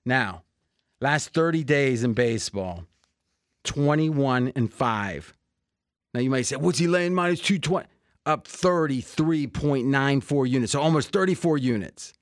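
A man hosting a sports betting podcast in a joking, salesy way, pitching deals to his listeners. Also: expressive, a little slow, no echo, clean studio sound. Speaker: podcast host.

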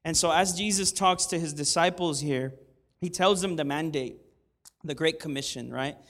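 A man's voice: a little high, moderate pace, fairly bright tone. A man preaching a casual, conversational sermon, often asking the congregation for an amen. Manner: conversational, asks the congregation for amens; self-deprecating humor. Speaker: pastor.

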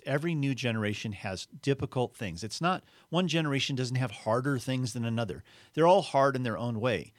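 An earnest man talks through his ideas on a faith podcast and acts out the quotes in his stories. His voice sits at a middle pitch. The sound is close and dry, with no room echo. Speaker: author and guest.

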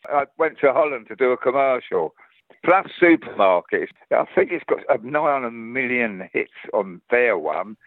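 A man's voice: mid-range voice, moderate pace, dry recording, phone-quality sound. An older man with a Cockney London accent, a guest actor telling rambling anecdotes in casual chat. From London, England. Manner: rambling storyteller, lively, restarts often.

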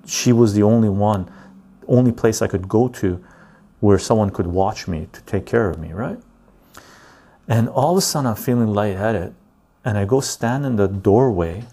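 A man's voice: fairly low pitch, vocal fry, breathy edge. A man hosting a talk show in a blunt, profane casual monologue, often ending points with "right?" and dropping to near-whispered asides. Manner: swings from loud to hushed, near-whispered asides. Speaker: podcast host.

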